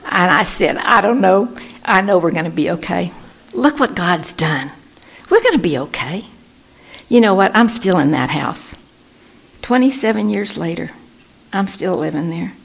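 A woman's voice: fairly low pitch, animated, normal speed, creaky, long pauses, husky. A woman, speaking at a recovery meeting and telling her personal story in an earnest way, acting out the voices of people she quotes. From Texas. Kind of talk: personal testimony talk.

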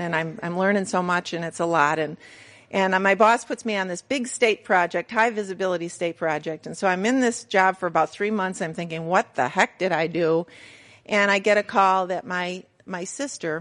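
A woman's voice: fairly low pitch, fairly bright tone. Candid middle-aged woman telling her story. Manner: candid, storytelling, self-mocking with laughs. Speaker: recovery meeting speaker. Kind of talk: personal testimony to a group.

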